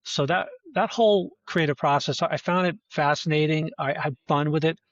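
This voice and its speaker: A man talking as a guest in a casual conversation, halting and restarting often, heard on dull lo-fi audio. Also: fairly high pitch, no echo. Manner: halting, many restarts and fillers. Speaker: filmmaker guest.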